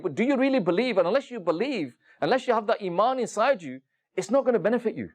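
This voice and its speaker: High-voiced man preaching a sermon. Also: lively intonation, quick pace. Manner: storytelling, addresses the audience directly with many rhetorical questions; frequent "you know" fillers and restarts. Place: room with a seated audience.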